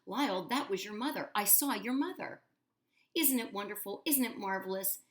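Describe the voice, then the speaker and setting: A woman's voice: fairly low pitch, very animated, moderate pace. A woman reading aloud and voicing a theatrical, fussy grown man showman in a storybook, dramatic and wheedling. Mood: excited.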